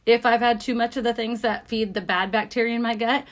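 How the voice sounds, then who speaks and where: A woman's voice: a little high, fairly even intonation, fairly quick. A woman in her thirties, a nurse practitioner, giving viewers an upbeat, emphatic, chatty rundown of supplements. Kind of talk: casual product rundown to viewers.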